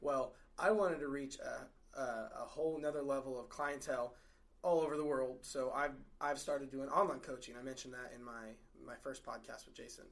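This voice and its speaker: A man who is a fitness coach, talking in a relaxed, halting way in a casual podcast chat. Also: medium pitch.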